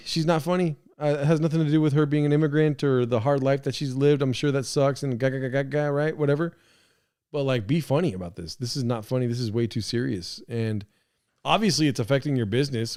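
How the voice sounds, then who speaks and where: A man's voice: mid-range voice, fairly quick, a little mellow. A man hosting a live stream, rambling in casual commentary with lots of swearing, fillers and restarts. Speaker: podcast host streaming.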